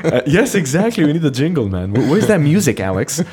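A man's voice: fairly high pitch, big pitch swings, a little mellow. Laughing, stumbling male podcast host. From Lebanon. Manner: laughs often, halting restarts. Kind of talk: casual podcast interview.

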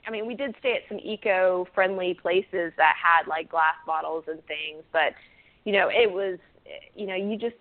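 A woman's voice: on the low side, normal speed. A woman being interviewed as an author, talking casually and chattily with frequent laughs, fillers and restarts. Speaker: guest, author. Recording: phone-like band-limited audio.

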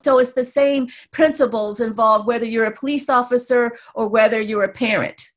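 A woman's voice: on the high side, moderate pace. A woman researcher and mother, a guest in an interview, explaining at length and often checking in with "right?" and "you know".

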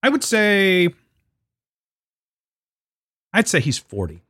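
A man in casual chat about a TV series, chatty and animated, saying "dude" a lot. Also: high voice, takes it slowly. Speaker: co-host discussing a TV series.

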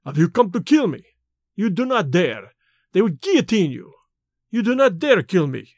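A man's voice: high-pitched, sing-song, normal speed, a little mellow, no echo, clean studio sound, exaggerated voice. A man reading the part of a cruel, gloating Russian blackmailer in a storybook. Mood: frightened. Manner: gloating, menacing.

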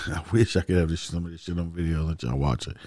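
Traffic cop, male, mellow low voice, profane and blunt storyteller. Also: steady tone, fast, no room sound, studio quality. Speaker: traffic police officer. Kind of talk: casual storytelling monologue.

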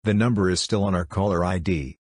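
Low husky guy narrating ghost stories, dry close mic, steady delivery. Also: brisk, no echo. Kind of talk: reading ghost stories aloud.

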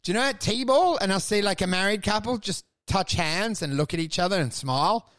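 A man, co-hosting a comedy podcast, rambling through crude stories and acting out scenes in shouted high voices. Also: expressive, brisk. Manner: crude, swears often. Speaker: podcast co-host.

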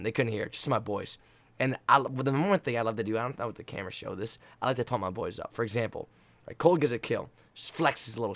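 A young man, a college volleyball player, telling a game story in a casual, hyped way, laughing often and acting out his own yelling. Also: medium pitch, dry recording.

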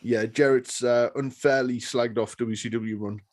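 A man's voice: mid-range voice, steady tone, normal speed, darkish tone. A man co-hosting a podcast, chatting enthusiastically with lots of fillers. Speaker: podcast co-host. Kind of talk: casual chat.

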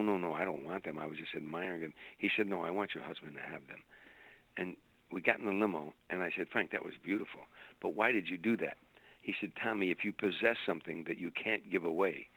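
A man's voice: low-pitched, creaky, fairly bright tone, no room sound, rough recording. An older man, a stand-up comedian, telling long anecdotes in an interview, repeating words as he searches for them. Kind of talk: storytelling interview.

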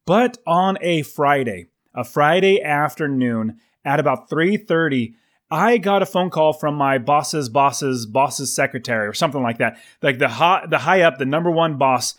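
A man in his thirties earnestly telling a personal story about his working life, voicing his own thoughts as he goes. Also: on the high side. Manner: earnest, animated retelling with voiced inner thoughts.

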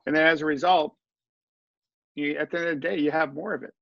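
A man's voice: a little high, fairly even intonation, fast talker, gravelly, dry recording, highs cut off. A man talking earnestly as a podcast guest, telling his story with asides and restarts. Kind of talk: conversational storytelling.

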